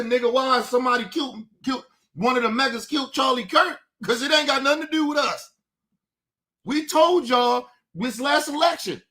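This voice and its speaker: A man's voice: very high voice, a bit bright. A male streamer hosting his show, ranting in a profane, combative and taunting way. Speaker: host. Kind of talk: livestream commentary rant.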